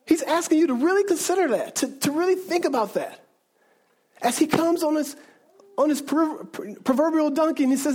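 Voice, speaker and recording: A man's voice: very high-pitched, lively intonation, a little fast, a little mellow. A man preaching a sermon as a pastor, talking conversationally with frequent restarts and asides to the congregation.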